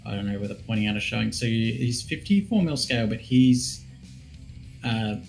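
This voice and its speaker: A man's voice: mid-range voice, expressive, moderate pace, creaky, darkish tone, faint music behind, low-quality recording. A man, a guest on a live stream, explaining details and correcting himself as he goes. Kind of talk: casual live-stream chat.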